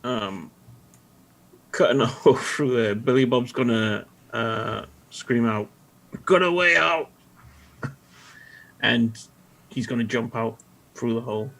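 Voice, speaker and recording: A man playing in a tabletop game, relaxed and unhurried. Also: medium pitch, low-quality recording. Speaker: player. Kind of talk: casual game table talk.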